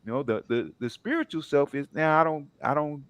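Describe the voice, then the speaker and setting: A man on a discussion panel speaking in a measured, sermon-like way, with many filler pauses. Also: fairly high pitch, smooth, dry recording. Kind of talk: preachy panel talk.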